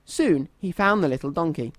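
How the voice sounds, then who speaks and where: With a fairly high voice at a normal pace, this man reads a children's story in a soft, expressive way. There's no echo on the recording.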